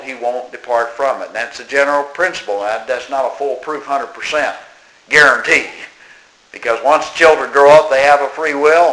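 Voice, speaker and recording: A man preaching a sermon, slow and emphatic, reciting verse and scripture and mimicking people mockingly. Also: mid-range voice, a bit bright. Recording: echoey room.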